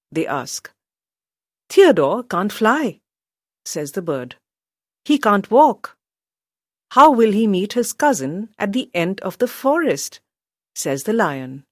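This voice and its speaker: A woman narrating a children's storybook aloud in a slow, expressive way, lifting her voice for the characters' lines. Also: no room sound, clean studio sound. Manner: lively storyteller, voices quotes higher.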